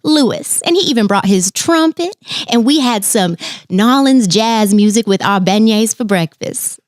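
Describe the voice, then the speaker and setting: A woman's voice: medium pitch, animated, unhurried, no echo, clean studio sound, voice pushed up, lightly acted. A woman voicing a cheerful young princess cook in a sweet Southern accent, sing-song and lilting. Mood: sweet, chatty. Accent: Southern US, New Orleans.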